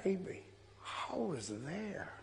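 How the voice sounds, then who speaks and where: A man's voice: high-pitched, sing-song, takes it slowly, creaky, darkish tone, exaggerated voice. A man voicing a very old woman with a thick accent, blunt and affectionate, who calls people "baby". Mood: matter-of-fact. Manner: calls everyone "baby", plain and matter-of-fact. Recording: long hall reverb, faint crowd ambience.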